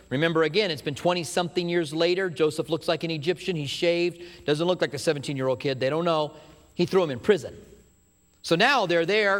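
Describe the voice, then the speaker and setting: A man preaching a sermon, retelling a story with animated asides and acting out what people say. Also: high voice, long reverb tail. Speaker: pastor.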